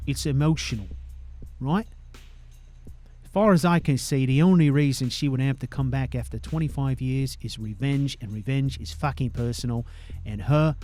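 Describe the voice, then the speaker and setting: A young man talking through a video game in a loose, casual way, cursing often and ending lines with a questioning "eh?". His voice sits at a middle pitch for a man. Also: a little mellow. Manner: profane, ends sentences with "eh?". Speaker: gamer. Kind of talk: casual gameplay commentary.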